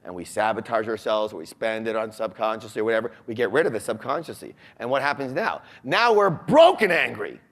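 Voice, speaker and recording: A man's voice: lowish voice, a little fast, few pauses. A man giving a motivational seminar talk to a live audience, often asking them questions. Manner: animated, asks the audience questions. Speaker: seminar speaker. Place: large room with a live audience.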